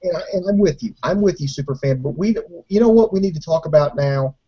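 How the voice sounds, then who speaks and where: A man with a somewhat raised but mellow voice talks through a casual review with dry sarcasm. The audio is dull and lo-fi. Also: on the high side, lively intonation, fast, breathy edge. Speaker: co-host.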